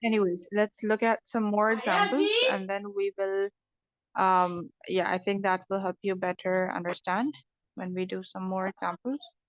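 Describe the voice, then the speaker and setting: A woman at a middle pitch teaches an English lesson, explaining patiently and often stopping to ask "okay?". The recording is dull and lo-fi, with a dry, close sound and little room echo. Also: little pitch movement, normal speed. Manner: patient, explains step by step, checks understanding with "okay?".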